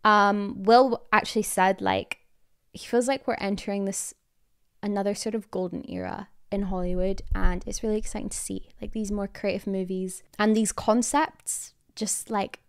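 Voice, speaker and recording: This podcast host is a woman in her twenties from Scotland whose mild accent carries some American influence. Her medium-pitched voice is clear and resonant with fairly even intonation, and her casual, candid chatter is full of "likes" and quick bursts of laughter.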